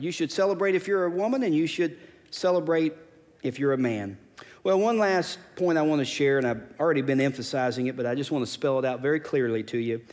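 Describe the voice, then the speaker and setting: Lively-voiced man preaching in a hall. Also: a little high. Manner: emphatic preaching, repeating key phrases. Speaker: pastor. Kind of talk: sermon. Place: church sanctuary.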